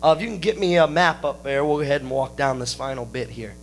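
A man preaching a sermon to his congregation, explaining scripture with folksy jokes and friendly asides to listeners, with a steady hum behind him. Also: medium pitch, fast talker. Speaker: pastor.

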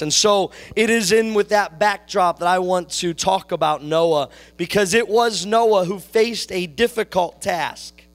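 A man preaching a sermon, slow and deliberate, repeating his phrases for emphasis. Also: high voice.

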